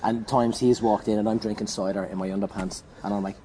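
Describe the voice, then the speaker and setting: A man's voice: fairly low pitch, steady tone, brisk, background noise. A man telling a comic anecdote as a podcast guest, laughing, swearing and acting out what people said. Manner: laughing, swearing storyteller who acts out quotes.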